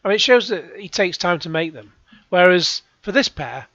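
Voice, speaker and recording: A man's voice: high-pitched, lively intonation, moderate pace, sharp tone, dry recording, highs cut off. A man giving rambling, sarcastic commentary as a YouTube reaction host. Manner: rambling, sarcastic, with frequent sighs and restarts.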